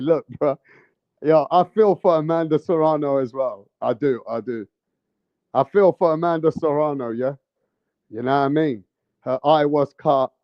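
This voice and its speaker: Man, high voice, dry close sound, dull lo-fi audio, brash profane boxing vlog rant. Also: dry recording. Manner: brash, profane, heated ranting. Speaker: boxing commentator. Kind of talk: casual vlog commentary.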